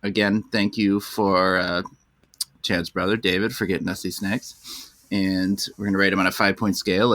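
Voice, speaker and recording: A man's voice: deep voice, level tone, moderate pace, fairly bright tone, no room sound. A man co-hosting a podcast, joking bluntly and swearing freely in casual chat. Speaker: podcast co-host. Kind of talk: casual chat with crude banter.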